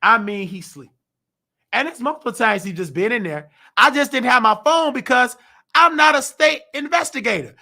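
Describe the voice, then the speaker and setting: A man with a very high, bright, sharp-edged voice, worn hoarse from shouting. He rants in indignant commentary, breaking into shouts. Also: animated, moderate pace. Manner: heated, indignant, bursts of shouting. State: hoarse, losing his voice. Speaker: nursing aide and show host. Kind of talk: ranting commentary.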